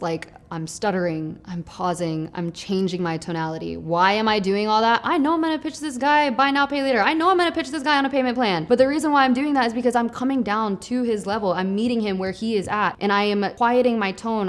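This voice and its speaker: A young adult woman coaching sales in a casual, energetic and persuasive way, with lots of chatty fillers. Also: a little high. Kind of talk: casual teaching monologue.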